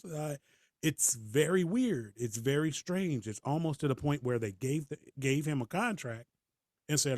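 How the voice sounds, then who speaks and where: A man co-hosting a casual podcast about wrestling, talking in a lively way, laughing and acting out quotes. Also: on the high side, moderate pace, no echo, clean studio sound. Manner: animated, laughs, acts out quotes. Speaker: podcast co-host. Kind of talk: casual chat.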